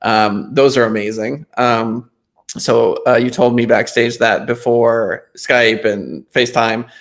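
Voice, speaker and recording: A middle-aged man hosting an interview podcast, chatting casually and telling lively anecdotes. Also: mid-range voice, takes it slowly. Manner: animated storyteller, acts out voices in anecdotes. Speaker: podcast host.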